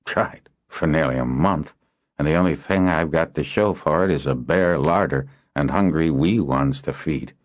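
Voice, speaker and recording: A man voicing a gruff, stubborn old male handler who talks slowly and softly, in an audiobook. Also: extremely low pitch, dry recording. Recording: dull lo-fi audio.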